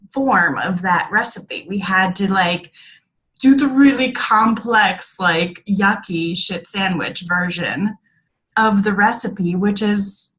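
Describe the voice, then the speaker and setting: A woman talking casually and reflectively about her own experience, with lots of fillers, slowing and softening at tender moments. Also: mid-range voice, rough recording. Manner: chatty, many fillers, drops softer and slower at reflective moments. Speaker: speaker sharing a personal story.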